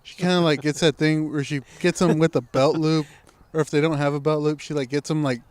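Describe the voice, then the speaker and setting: A man's voice: fairly high pitch, little pitch movement, fairly quick, darkish tone, dry recording. A man co-hosting a casual podcast chat, laid-back and rambling, with lots of "like" and "kinda". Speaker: podcast co-host.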